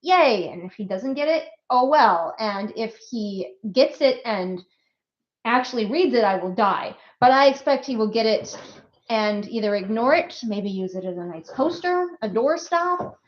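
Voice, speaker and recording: A woman hosting a casual livestream as an author, chatty and quick to laugh, full of little asides. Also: on the high side, animated. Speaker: author hosting a book release stream. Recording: slightly muffled stream audio.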